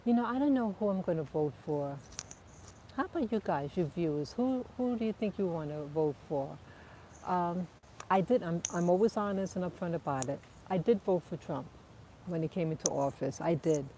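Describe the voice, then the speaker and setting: A woman vlogging while out walking her dogs, chatting in a relaxed, reflective way with soft laughs. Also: lowish voice, normal speed, slight background noise. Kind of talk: casual outdoor vlog chat. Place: outdoors in a park. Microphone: clip-on mic, wind audible.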